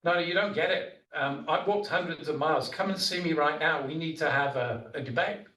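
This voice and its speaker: A man acting out an arrogant, hot-tempered ancient debater, pushing his voice up high and barking out scornful demands. He sounds impatient and full of himself. The voice carries from a distance across a roomy hall. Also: a little fast, pushed and bright. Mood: demanding.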